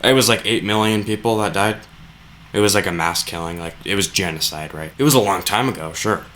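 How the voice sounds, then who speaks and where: A man's voice: low voice, fairly quick, fairly bright tone, a little hiss or hum. A man giving sarcastic, rambling reaction commentary on video clips and swearing freely.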